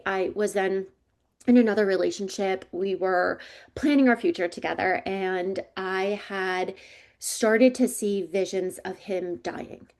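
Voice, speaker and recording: A woman in her forties telling her life story as a psychic coach in an interview, casual and chatty, slipping into lively voices when quoting others. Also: medium pitch. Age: 40s.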